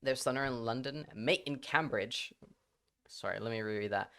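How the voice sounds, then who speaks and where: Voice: mid-range voice, moderate pace, vocal fry, a bit bright, smooth. A live streamer chatting casually with their audience, rambling, laughing often and swearing freely.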